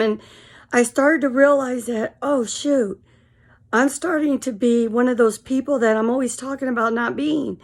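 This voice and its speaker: Tired woman telling a story, fairly high. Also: a little mellow. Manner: frank and rambling, full of fillers. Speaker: vlogger. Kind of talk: casual storytelling monologue.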